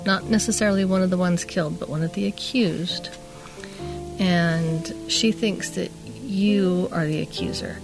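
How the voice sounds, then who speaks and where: Gravelly, low-voiced woman telling a rambling story. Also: a little slow, music in the background. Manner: rambling, chatty, re-enacts quoted dialogue. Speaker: podcast co-host telling a story. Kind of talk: casual storytelling.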